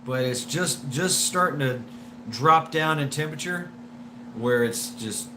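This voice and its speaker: A livestream host with a fairly high-pitched, wheezy smoker's voice answers viewer comments at a measured pace. He rambles and stammers through a casual stream, swearing a lot, with noise in the background.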